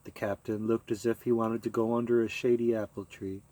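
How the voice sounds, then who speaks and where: A man reading a short story aloud as an audiobook, in a calm, measured way. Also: medium pitch, no room sound, low-quality recording. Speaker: audiobook narrator. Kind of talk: audiobook narration.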